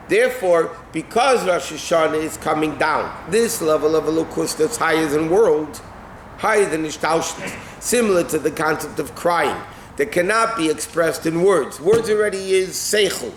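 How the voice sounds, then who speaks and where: A rabbi with a somewhat high voice leads a class, translating and explaining each phrase in turn and checking in with "okay?" along the way. He sounds like he is in a roomy, echoing classroom, with faint background noise under the talk. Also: lively intonation, normal speed. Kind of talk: text-based Torah class. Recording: echoey room with faint ambient noise.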